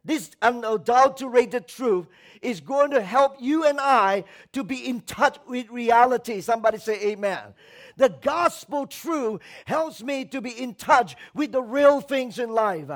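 High-voiced emphatic male preacher. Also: measured pace. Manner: emphatic, calls for congregation responses, swings between loud and soft; acts out quoted voices with mocking tones. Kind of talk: sermon.

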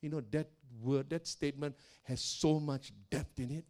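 An older man, a pastor, telling stories in a sermon in a loud, animated way, often laughing and acting out the voices of the people he quotes. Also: a little high, moderate pace. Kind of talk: sermon storytelling.

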